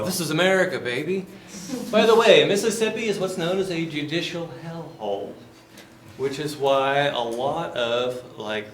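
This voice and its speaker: Folksy professor telling a story. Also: male voice, medium pitch, fairly bright tone, a little hiss or hum. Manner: folksy, joking, conversational storytelling. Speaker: business professor. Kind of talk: lecture with storytelling.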